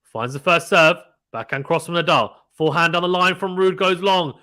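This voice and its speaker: A young British man calls a tennis match live in a casual, chatty way, laughing easily and reading out viewer messages between points. His voice is bright and forceful, sitting a little higher than most men's. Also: steady tone, moderate pace. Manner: chatty, laughs often, reads viewer comments aloud. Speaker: live watchalong commentator. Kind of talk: casual play-by-play commentary reading chat.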